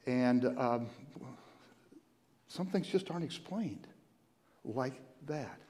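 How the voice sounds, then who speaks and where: A man preaching a conversational sermon as pastor, retelling a story in a halting way, repeating and restarting words and inviting listeners to join in. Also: medium pitch, animated, darkish tone. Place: church sanctuary. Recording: long hall reverb.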